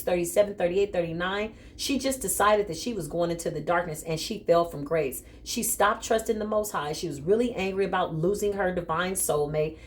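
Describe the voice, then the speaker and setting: A woman with a mid-pitched voice does a tarot reading in a loose, conversational way. She talks straight to the listener, keeps saying "listen" and "okay", and drifts between earnest reading and playful joking. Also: a little hiss or hum. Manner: animated and joking, with bursts of laughter. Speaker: tarot reader.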